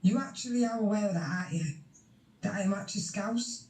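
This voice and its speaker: A woman's voice: mid-range voice, fast talker, a little mellow, echoey room. A woman in a heated casual voice chat, blunt and sweary as she tells someone off. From Yorkshire, England. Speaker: voice chat participant.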